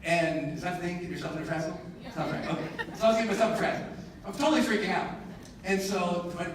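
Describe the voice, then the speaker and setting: Animated man speaking in an echoey hall. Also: high voice, fast talker, background noise. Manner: animated, emphatic storytelling with self-deprecating humor. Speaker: motivational speaker. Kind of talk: live keynote storytelling. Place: large conference hall. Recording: echoey hall, distant mic, audible room ambience.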